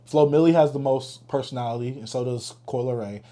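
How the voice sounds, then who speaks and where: A young man co-hosting a casual podcast, animated and opinionated, and he laughs often. His voice is mellow and dark in tone, at a middling pitch. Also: fairly quick. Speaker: podcast co-host. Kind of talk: casual chat.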